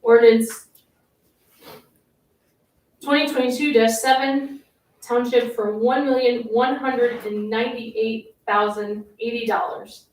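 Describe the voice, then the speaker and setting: A woman's voice: a little high, fairly even intonation, slow, long pauses, a little mellow. A woman supervisor chairing a township board meeting, reading out figures and motions in a businesslike way. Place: indoor township meeting room. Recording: echoey meeting room, mic far off.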